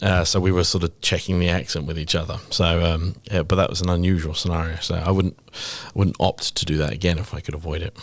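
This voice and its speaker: A British man in his forties, an actor, talking in a relaxed, rambling and self-deprecating way with many fillers. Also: low-pitched, quick pace, few pauses, dry recording. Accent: British English. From England. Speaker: guest actor. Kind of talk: casual interview chat.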